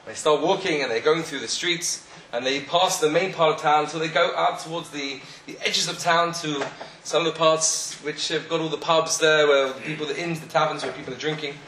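A man telling a story in a sermon, animated, acting out the voices of the people in it. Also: on the high side, fairly quick, hardly any pauses, slight background noise. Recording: echoey room, faint ambience.

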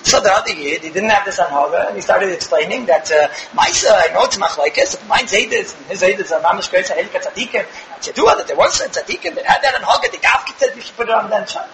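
Animated rabbi, echoey hall. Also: male voice, sits high, fast, few pauses, noisy background. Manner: animated, digressive, often restarts and acts out quotes. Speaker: rabbi giving a talk. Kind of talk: Yiddish-flavored Torah lecture, storytelling. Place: synagogue or study hall.

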